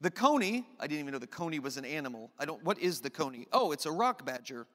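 A man's voice: a little high, very animated, quick pace, a bit bright, big-room sound. A man preaching a sermon as pastor, conversational and joking, with off-topic asides.

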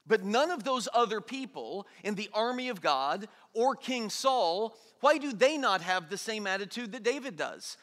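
Male pastor, bright and forceful, lively sermon delivery that acts out the characters. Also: high-pitched. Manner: animated, acts out quotes in everyday voices. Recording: long hall reverb.

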